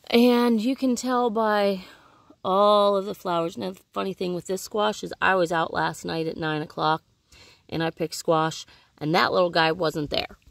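A woman with a slightly low voice chats her way through an outdoor vegetable garden, filming as she walks. She rambles and corrects herself freely in a casual vlog style. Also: gravelly, dry recording. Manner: chatty, rambling, self-correcting. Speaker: homesteading vlogger. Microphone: handheld camera she films herself.

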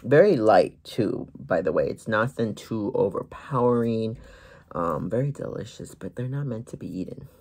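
A brand owner showing off lip glosses in a relaxed vlog, filmed in a corner of their home, with plenty of ums and gentle asides. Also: mid-range voice, moderate pace. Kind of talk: product showcase vlog.

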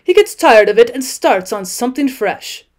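A woman's voice: a little high, animated, moderate pace, darkish tone, natural voice. A woman doing a hearty, cheery water rat.

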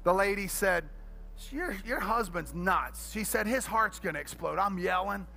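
A middle-aged pastor preaching an energetic sermon, telling comic stories and swinging between quiet asides and loud shouting. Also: male voice, high voice, a little slow, gravelly.

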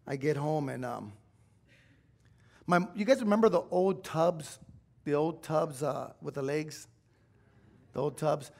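A middle-aged man, a pastor, preaching a sermon in a church, telling a personal story in an emotional, confessional way that swells at times into shouting. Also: fairly high pitch, unhurried, creaky, long pauses. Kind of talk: sermon testimony. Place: church sanctuary.

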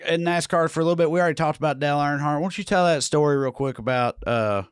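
A man's voice: a little high, fast talker, a little hiss or hum. A man co-hosting a podcast, chatting casually and swearing easily. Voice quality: smooth, laughing, swears casually. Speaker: podcast co-host. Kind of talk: casual chat.

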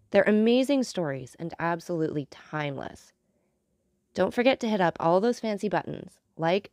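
A woman's voice: lowish voice, darkish tone, dry recording, clean studio sound. A woman hosting a storytelling channel, giving a casual, enthusiastic intro.

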